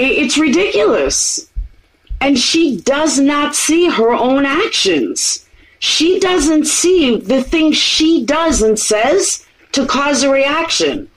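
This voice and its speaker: A woman's voice: high voice, poor audio. A woman streamer ranting indignantly about someone else, swearing and stressing each point. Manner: indignant, profane, slow and emphatic. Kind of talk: indignant commentary rant.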